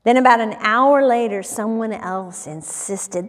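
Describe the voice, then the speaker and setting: A woman teaching a Bible study class, reading scripture aloud and bringing the dialogue to life with an expressive delivery. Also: a little high, measured pace, few pauses, long reverb tail.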